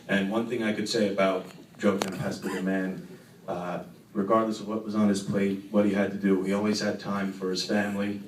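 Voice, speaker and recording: A young man giving an earnest, slightly emotional tribute speech to his father. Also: low-pitched. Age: young adult. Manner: earnest, a little emotional, uh fillers. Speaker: mayor's son giving tribute. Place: banquet hall. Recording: echoey hall from far off, faint noise.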